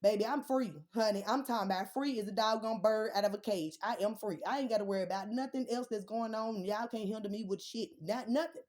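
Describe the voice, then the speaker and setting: A woman's voice: mid-range voice, a little fast, few pauses. A young woman ranting bluntly and defiantly about her family and her kids, swearing often. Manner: profane, blunt, defiant, rising to shouts. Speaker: vlogger. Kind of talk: heated personal rant.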